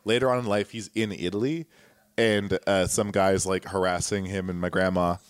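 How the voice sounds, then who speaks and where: A man's voice: low voice, steady tone, moderate pace, smooth, no echo. A man co-hosting a podcast who tells stories in a rambling, casual way. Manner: rambling, lots of restarts. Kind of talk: casual chat, storytelling.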